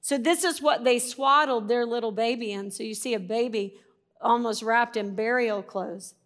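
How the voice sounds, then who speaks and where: A woman reading a Bible passage aloud and then explaining it in a conversational teaching style, stressing key words and now and then clearing her throat. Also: on the high side, moderate pace, fairly bright tone.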